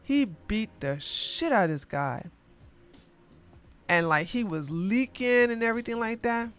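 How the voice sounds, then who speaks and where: A woman ranting in a rambling, casual way, animated and profane, often repeating herself. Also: on the high side, measured pace, clean tone, soft background music.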